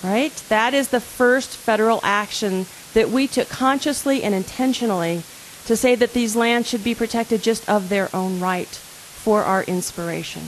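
Speaking as a park service official, a woman with a fairly high voice gives an earnest, conversational talk and quizzes her audience. The audio is poor, with a little hiss or hum.

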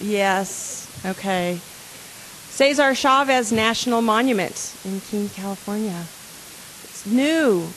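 In a mid-range voice, a woman representing the park service gives an earnest, conversational talk, stopping to quiz her audience. It's a rough recording with a little hiss or hum.

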